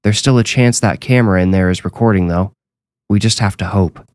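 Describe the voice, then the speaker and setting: A man's voice: on the low side, fairly quick, darkish tone, no echo, close to an everyday voice. A man voicing an anxious young male ghost hunter in a horror story, talking nervously and urgently. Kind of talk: audiobook horror reading.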